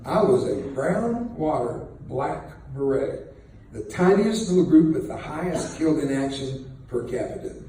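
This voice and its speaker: A man's voice: on the high side, lively intonation, measured pace, warm tone. Older man telling stories in an echoey room. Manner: folksy, joking, chuckling through lines. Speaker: speaker telling his war story. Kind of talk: storytelling talk to an audience. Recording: very echoey room, distant mic, faint noise.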